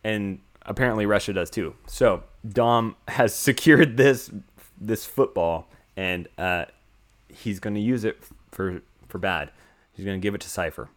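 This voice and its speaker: A young man co-hosting a podcast, casually recapping a film in a rambling, excitable way and swearing freely. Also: fairly low pitch, measured pace. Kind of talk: casual chat.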